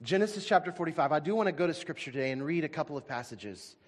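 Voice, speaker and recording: High-voiced man preaching in a reverberant hall. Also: expressive, racing. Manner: emphatic, swings from loud bursts to quiet asides. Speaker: pastor. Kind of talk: sermon. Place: church sanctuary.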